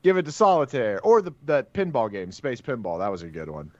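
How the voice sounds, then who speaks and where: A man's voice: mid-range voice, wildly swooping pitch, brisk, darkish tone, no room sound, dull audio. A man co-hosting a gaming podcast, tossing out playful, opinionated hot takes. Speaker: podcast co-host. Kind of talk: casual podcast chat.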